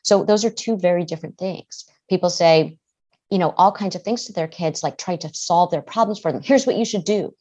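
A woman therapist guest on a podcast, giving measured, reflective advice and sometimes restarting her words. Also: lowish voice, dark tone. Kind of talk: advice-giving interview answers.

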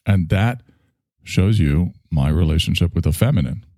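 Male stream host, low voice that swings up and down, rambling, self-reflective, profane. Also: lively intonation, moderate pace, mellow, no room sound, clean studio sound. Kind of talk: casual monologue to an online audience.

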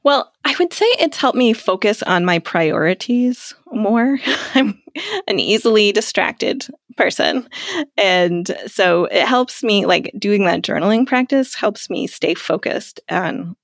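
A woman's voice: medium pitch, expressive, slow, vocal fry, no echo, studio quality. A woman speaking as a guest in a casual interview, chatty, with many fillers and frequent laughs. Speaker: guest, clarity coach.

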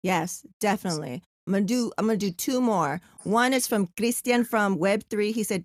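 A woman co-hosting a casual podcast chat, animated and emotional as she reads out messages. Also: mid-range voice, moderate pace, few pauses, dry recording, clean studio sound. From Southern California. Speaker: podcast co-host.

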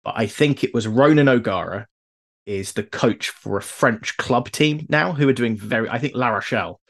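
A man's voice: medium pitch, moderate pace, fairly bright tone. A man co-hosting a podcast, telling stories with enthusiasm and a few hesitant restarts. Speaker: podcast co-host. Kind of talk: casual chat.

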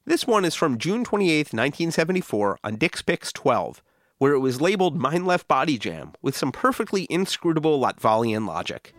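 A man hosting a music history podcast, reading scripted documentary narration in a measured, informative way. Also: a little high, sing-song, no echo.

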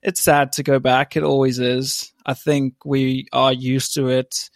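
Gravelly-voiced young man, laid-back. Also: mid-range voice, flat delivery, a little slow, no room sound, studio quality. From South Africa. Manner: laid-back, laughs while telling stories. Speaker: podcast guest. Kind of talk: casual chat.

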